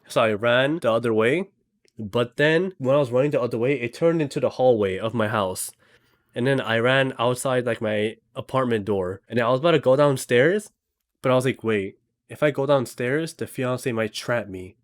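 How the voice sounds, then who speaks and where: A man's voice: medium pitch, moderate pace. A young man in casual chat, telling a dream with lots of fillers and acted quotes. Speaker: storyteller.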